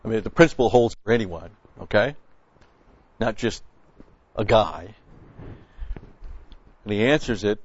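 Male preacher, folksy blunt sermon, medium pitch, dry slightly dull recording. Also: lively intonation, measured pace, pauses often, a little mellow, no echo. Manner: folksy, blunt, with frequent restarts and scripture quotes. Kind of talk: conversational sermon.

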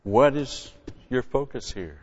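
A man preaching an expository sermon from a Bible passage, emphatic, with loud stressed words and quiet asides. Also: medium pitch, expressive, slow. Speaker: pastor. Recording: lo-fi recording with long hall reverb.

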